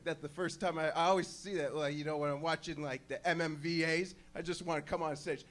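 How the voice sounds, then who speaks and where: A man in his thirties with a high, bright voice takes the club stage and pumps up the crowd, loud and hyped. Faint music plays behind him as he starts his stand-up set. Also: fairly quick. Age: 30s. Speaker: stand-up comedian.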